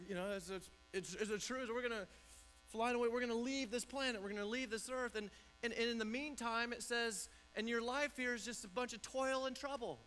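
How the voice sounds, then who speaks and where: A man's voice: very high voice, fairly quick, a bit bright, a little hiss or hum, rough recording. A man pastor preaching a conversational sermon in a church, often restarting and repeating words.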